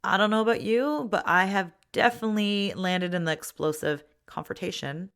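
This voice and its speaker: A woman coaching listeners through self-help steps, speaking gently and straight to them, sometimes acting out their self-talk. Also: mid-range voice, moderate pace, smooth. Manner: acts out inner voices and self-talk in quotes. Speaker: life coach.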